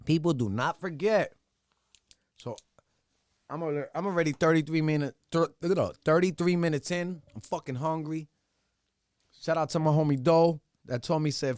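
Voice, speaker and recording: Young adult male podcaster, high-pitched, dry close mic, profane unfiltered monologue. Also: fairly quick, darkish tone, dry recording. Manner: blunt, profane, ranting. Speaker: podcast host.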